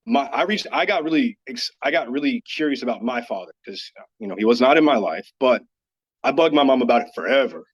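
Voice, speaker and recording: Male podcast guest from Dallas, mid-pitched, earnest storyteller, casual and candid, dull audio. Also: lively intonation, a little fast, breathy edge. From Dallas, Texas. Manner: earnest, candid, filler-heavy with frequent "like". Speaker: podcast guest, yoga teacher. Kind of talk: personal storytelling in casual chat.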